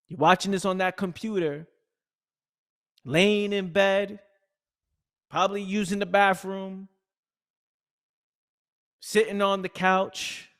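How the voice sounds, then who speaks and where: Intense, higher-voiced male motivational coach. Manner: intense, emphatic, repetitive, calls listener "fam"; swings from low murmurs to loud bursts. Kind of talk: motivational monologue to camera.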